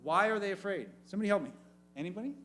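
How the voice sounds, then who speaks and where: A youth pastor telling a story with lots of energy and funny voices, and asking the room questions. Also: male voice, high-pitched, lively intonation, very fast, a bit bright, a little hiss or hum. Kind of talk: youth sermon.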